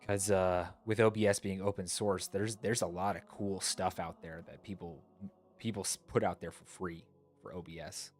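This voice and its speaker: A man's voice: sits low, steady tone, normal speed, soft background music. A man streamer chatting casually and rambling, thinking aloud with fillers, sleepy. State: yawning, sleepy. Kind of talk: casual chat.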